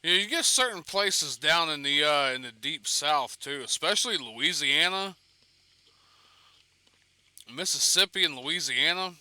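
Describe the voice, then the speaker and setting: A man's voice: on the high side, lively intonation, measured pace, sharp tone, dry recording. A man giving casual, rambling gameplay commentary while streaming, swearing and laughing between asides. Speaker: gaming streamer.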